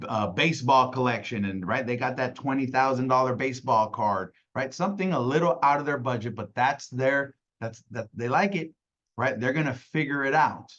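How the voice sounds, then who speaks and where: A man's voice: medium pitch, fairly bright tone, lo-fi sound. A man leading a casual sales training call, talking conversationally and acting out clients, with many "right?" tags.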